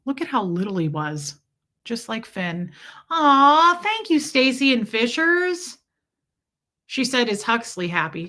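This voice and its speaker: A woman's voice: fairly high pitch, big pitch swings, slow pace, sharp tone. A middle-aged woman hosting a casual livestream, chatting and reading out viewer messages. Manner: chatty, reads out chat messages, coos at a kitten. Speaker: livestream host.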